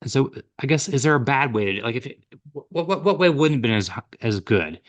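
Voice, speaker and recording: A man's voice: medium pitch, animated, fast. A man co-hosting a podcast who asks follow-up questions. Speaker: podcast co-host. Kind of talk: podcast discussion. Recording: dull lo-fi audio.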